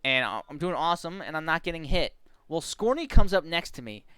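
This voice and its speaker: Lively streamer storyteller, smooth voice, dry close mic. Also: medium pitch, brisk, no room sound. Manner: animated, laughing, acts out quotes. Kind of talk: casual storytelling on a live stream.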